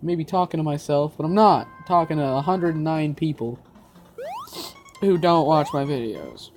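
Low-voiced woman swearing through a game. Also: lively intonation, moderate pace, a little mellow, soft background music. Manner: exasperated, swears a lot, talks to herself. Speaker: gaming video creator. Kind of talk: casual let's-play commentary.

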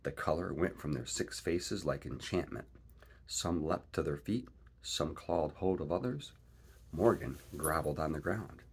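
A man reading a classic adventure novel aloud in a lively, expressive way. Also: very deep voice, unhurried, husky. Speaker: reader. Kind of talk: storybook read-aloud narration.

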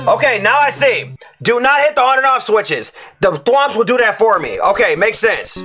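A young man commentating his platform gameplay, ranting and yelling at the game as he fails levels. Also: high-pitched, sing-song, normal speed, soft background music. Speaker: streamer playing a platform game.

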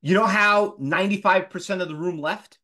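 A man in his fifties teaching a live trading class, animated and firing rhetorical questions at his students. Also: sits high, fairly quick. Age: 50s. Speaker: trading instructor.

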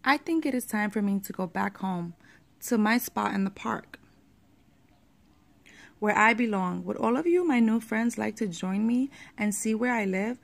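A woman's voice: medium pitch, normal speed, gravelly. A woman voicing a friendly, eager male tree who walks and talks and wants to make new friends, in a storybook. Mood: earnest cheerful. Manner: cheerful, earnest, keen to make friends.

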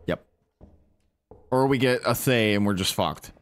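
A lower-pitched man talks his way through a ghost-hunting game, chatty and animated as he calls out to the ghost and banters with teammates. A faint click now and then can be heard behind him. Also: unhurried, slight background noise. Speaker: gaming streamer. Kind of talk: casual gameplay commentary.

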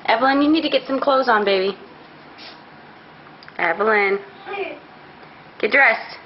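A woman's voice: a little high, unhurried. A woman filming her family at home, chatting casually, cooing to a baby and scolding her kids. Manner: chatty and plain-spoken, coos to a baby and scolds children. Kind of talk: casual home video chat. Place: indoors at home. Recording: dull lo-fi home video with background hiss.

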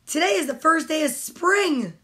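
A woman voicing a fretful, excitable animal in a picture book. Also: high-pitched, normal speed.

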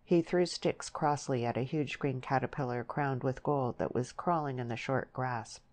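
A woman narrating a novel as an audiobook, with measured, descriptive storytelling. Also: very deep voice, darkish tone. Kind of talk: scripted narration.

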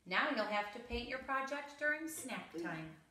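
A woman's voice: on the high side, sing-song, normal speed, pushed and bright, voice pushed up. A woman voicing a strict female dinosaur teacher who scolds a late pupil. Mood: stern. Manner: stern and scolding. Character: strict female raptor schoolteacher. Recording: roomy echo, mic at a distance.

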